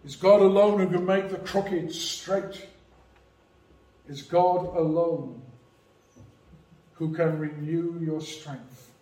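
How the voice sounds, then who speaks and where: Man, preacher, sermon, emphatic, unhurried, reverberant church, distant mic. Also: on the high side, steady tone, warm tone. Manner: measured, emphatic preaching with slow stressed phrases.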